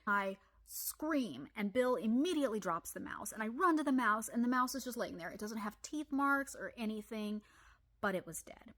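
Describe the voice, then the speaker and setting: A woman with an Ozarks accent telling comic personal stories, animated with deadpan asides. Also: on the high side, normal speed. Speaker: storyteller. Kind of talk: comedic personal storytelling.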